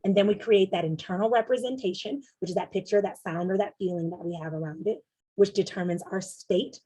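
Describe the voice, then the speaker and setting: A young adult woman coach giving a casual, animated teaching talk, acting out little inner voices as she explains. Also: medium pitch, a little fast, slightly rough. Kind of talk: teaching presentation.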